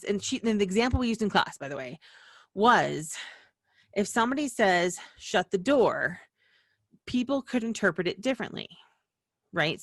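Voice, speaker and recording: A western US woman presents a small-business video as a casual, rambling explainer, chatting along with frequent asides and restarts. Her pitch is medium, and the recording is clean studio sound with no echo.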